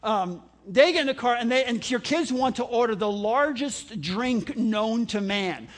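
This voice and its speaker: A man's voice: very high-pitched, lively intonation, a little slow. A middle-aged man, a pastor, telling a humorous sermon story with laughter and mimicked voices.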